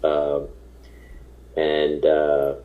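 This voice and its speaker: A man's voice: a bass voice, completely flat delivery, very slow, narrow, tinny audio. A middle-aged man casually telling a long anecdote, rambling and restarting, acting out the voices of people he quotes. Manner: rambling, self-interrupting storyteller who acts out quoted voices. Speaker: guest telling a story.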